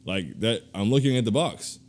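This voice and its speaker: A man co-hosting a casual podcast, ranting in animated, slangy bursts and laughing through his complaints. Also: fairly low pitch, normal speed. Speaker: podcast co-host.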